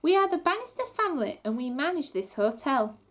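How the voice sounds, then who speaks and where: A woman's voice: high-pitched, big pitch swings, brisk, a bit bright. A woman voicing a flustered mother who runs a hotel, gushing and overly polite. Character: flustered, eager hotel-manager mum.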